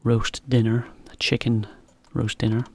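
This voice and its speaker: A man teaching to learners, talking in a relaxed, chatty way with a laugh now and then. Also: medium pitch, measured pace, vocal fry. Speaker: English teacher. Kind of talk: slow, clear explanation for learners.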